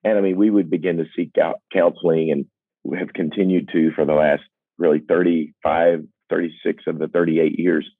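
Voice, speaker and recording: A man in his sixties, a singer-songwriter, tells personal stories earnestly and reflectively, with self-deprecating humor and halting restarts. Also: low-pitched, little pitch movement, dry recording. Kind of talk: candid personal storytelling. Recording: dry, phone-like narrow sound.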